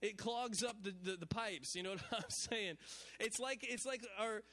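A man's voice: sits high, moderate pace, no echo. A man pastor preaching a sermon, repeating phrases, stumbling over restarts and calling on the congregation to respond. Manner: repetitive preaching with stammered restarts and call-and-response; animated, builds to shouted exclamations.

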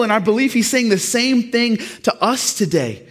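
A man's voice: high-pitched, very animated, normal speed, few pauses, a faint crowd. A young man preaching a sermon, casual and self-deprecating at first, building to fervent emphasis.

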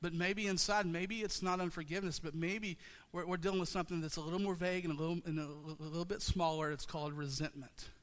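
Male pastor preaching, high bright voice, rhythmic repetition, long hall reverb. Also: fairly even intonation, fast. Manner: passionate, repetitive call-and-response preaching. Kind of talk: sermon. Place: church sanctuary.

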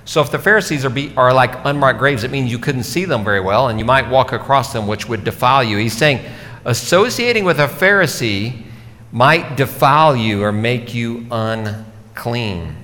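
Male pastor, mid-pitched, conversational sermon delivery, long hall reverb. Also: moderate pace, pushed and bright. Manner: conversational, explanatory preaching.

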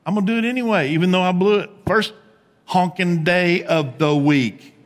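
A man preaching a sermon as pastor, animated, with rising emphatic peaks and quiet low asides. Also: normal speed, big-room sound.

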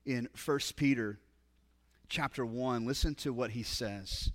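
A pastor delivers a sermon, telling a story and slipping into the voices of the people in it before rising to loud, insistent emphasis. His voice is bright and forward, at an ordinary middle pitch. It rings out in a hall with a long, trailing reverb. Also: slow pace. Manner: storytelling, acts out quoted dialogue, rises to loud emphatic passages.

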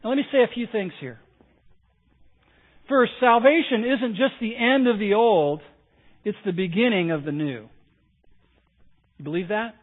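High-voiced preacher on a tinny line. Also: male voice, a little slow, pauses often. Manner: emphatic, repeats key phrases, asks the crowd. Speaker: pastor. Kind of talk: sermon. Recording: tinny phone-like sound.

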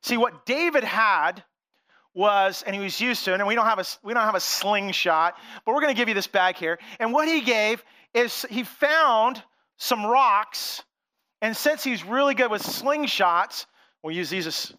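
A man telling a Bible story to children in an animated, playful way, talking directly to the kids. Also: high voice, moderate pace. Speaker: children's pastor. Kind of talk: sermon for children.

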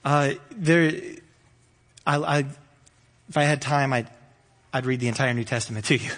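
A man preaching a sermon with energy, rising loud and high when animated. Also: normal speed, big-room sound. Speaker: pastor.

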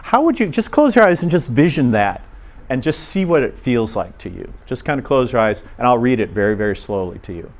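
A man's voice: mid-range voice, big pitch swings, fairly quick. A man preaching an informal sermon to a live audience, asking them questions and acting out short quoted voices. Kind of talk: conversational sermon.

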